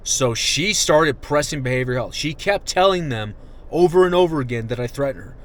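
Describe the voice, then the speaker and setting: A young man and army veteran venting in an angry, profane monologue that swings from shouting to muttering. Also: mid-range voice, expressive, brisk.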